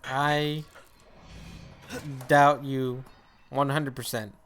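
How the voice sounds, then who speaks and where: A man's voice: mid-range voice, flat delivery, very slow, a bit bright, clear, resonant tone. A young man co-hosting a gaming video, making dry, teasing remarks. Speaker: co-host. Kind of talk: casual gaming chat.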